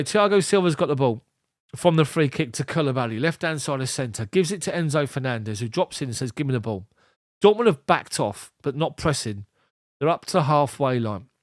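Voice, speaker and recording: Male fan commentator, fairly high voice, quick clipped match calls with chatty asides, dry recording. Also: dry recording. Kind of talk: live ball-by-ball match commentary.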